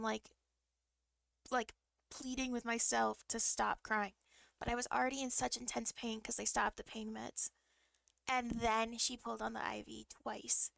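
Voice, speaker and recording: A woman's voice: a little high, vocal fry, a bit bright, dry recording, clean studio sound. A young woman streamer telling a story in a casual, rambling way, full of fillers and restarts and vivid, emotional retelling.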